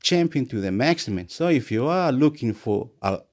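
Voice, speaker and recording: A man at home, rambling through a repetitive, excitable motivational monologue, swinging between shouts and mutters. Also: mid-range voice, normal speed. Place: at home, indoors.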